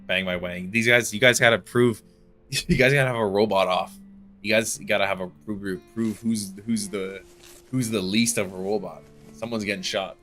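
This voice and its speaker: A young Canadian man with an East Coast accent, chatting fast and jokingly with viewers while he streams a game, full of slang and banter. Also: lowish voice, steady tone, fairly bright tone, soft background music. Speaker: livestream gamer. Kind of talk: casual chat with chat while gaming.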